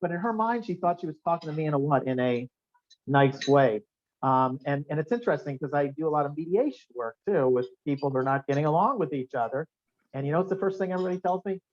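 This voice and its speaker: A man giving a seminar talk in a restaurant function room, telling anecdotes in a lively way and quizzing the audience with questions. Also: on the high side, fast talker. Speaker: guest speaker. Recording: dull lo-fi room recording.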